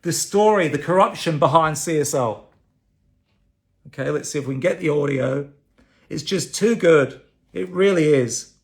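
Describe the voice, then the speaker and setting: A man's voice: fairly high pitch, moderate pace, creaky, pauses often. Indignant man, urgent appeal. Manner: urgent, indignant, repeating phrases for emphasis. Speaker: campaign advocate on livestream. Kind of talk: impassioned live video address.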